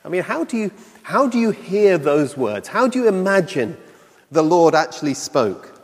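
A male preacher delivers a sermon with a slightly raised pitch. He speaks reflectively and asks question after question. His voice rings with the long reverb of a hall. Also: big pitch swings, normal speed.

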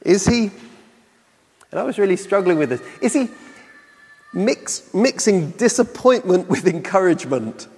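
A male preacher delivers a sermon with a slightly raised pitch. He speaks reflectively and asks question after question. His voice rings with the long reverb of a hall. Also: very animated, unhurried, pauses often, a little mellow, breathy edge.

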